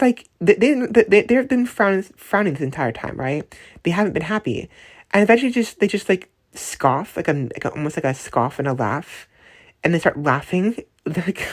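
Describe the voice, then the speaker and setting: A woman casually recounting a dream she had, rambling with many restarts and asking "right?" as she goes. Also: low voice. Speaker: dream storyteller. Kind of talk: casual voice-memo storytelling.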